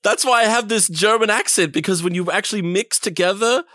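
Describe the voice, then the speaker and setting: A man's voice: high-pitched, fairly quick, dry recording, studio quality. A man co-hosting a podcast, riffing through comic stories in casual chat. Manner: riffing, animated storytelling with joke asides. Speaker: podcast co-host.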